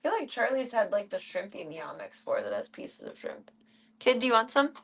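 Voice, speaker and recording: A young woman streaming casually, chatting as she feeds her pets and calling to them in a high coaxing voice. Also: huge pitch swings, a little fast, fairly bright tone. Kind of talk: casual chat while feeding pets.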